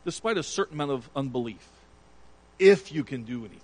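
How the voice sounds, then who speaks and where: A man's voice: mid-range voice, lively intonation, fast talker, a little mellow, poor audio. A man preaching a sermon, retelling a scripture story with earnest emphasis. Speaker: pastor.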